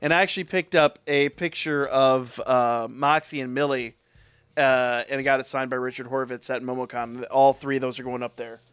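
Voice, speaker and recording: A man streaming live, telling a rambling, profane story in a casual, animated way. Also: mid-range voice, moderate pace, smooth, no echo, clean studio sound.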